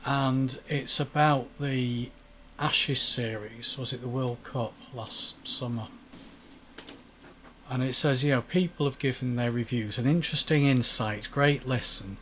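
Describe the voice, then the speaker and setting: A man co-hosting a podcast in casual chat, halting and repeating words as he starts. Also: medium pitch, steady tone, fairly bright tone, slight background noise. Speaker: podcast co-host.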